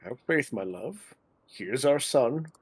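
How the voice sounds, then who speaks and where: A man voicing a pompous, flamboyant gentleman inspector, reading the lines in a grandiose, theatrical way. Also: medium pitch, expressive, slow pace, husky. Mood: tender.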